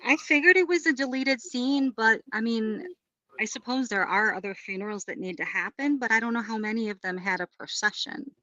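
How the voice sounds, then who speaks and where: A woman's voice: on the high side, brisk, sharp tone, no echo, muffled recording. A woman with a Chicago accent, a podcast panelist asking hesitant, careful questions in casual chat.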